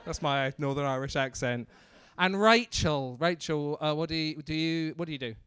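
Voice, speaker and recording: A man's voice: a little high, normal speed, fairly bright tone, clear, resonant tone, no room sound. A man working as a comedy club MC, doing brash, teasing crowd work on stage and swearing freely into a handheld mic.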